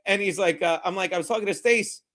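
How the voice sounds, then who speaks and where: A man with a high, light voice hosts a live football watchalong. He rambles between chat and play-by-play, brash and mocking, and swears freely. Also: quick pace, a bit bright. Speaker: live stream host. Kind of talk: profane live sports watchalong commentary.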